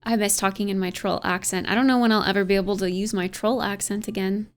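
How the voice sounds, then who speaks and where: A woman's voice: medium pitch, fairly even intonation, quick pace. A young American woman streamer chatting casually at home, reading viewers' messages aloud and musing on them with frequent laughs. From United States. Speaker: livestreamer.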